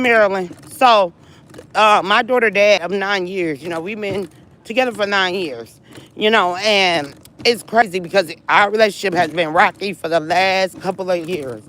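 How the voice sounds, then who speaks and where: A woman's voice: mid-range voice, moderate pace, a bit bright, low-quality recording. A woman talks straight to her viewers, venting a long personal story with many repeats and asides. She sounds upset and worn down. Faint traffic hums behind her outdoors. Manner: rambling, repeats herself, addresses viewers directly. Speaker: vlogger talking to viewers.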